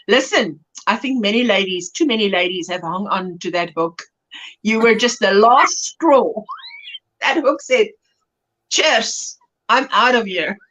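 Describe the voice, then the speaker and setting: A woman's voice: a little high, a bit bright, muffled recording. A South African woman hosting a crochet livestream, chatting playfully, giggling often, and reading viewer comments aloud.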